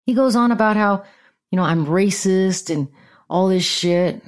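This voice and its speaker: A woman's voice: mid-range voice, unhurried. A middle-aged woman hosting a podcast, telling a story in a blunt, sarcastic, profane rant. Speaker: podcast host.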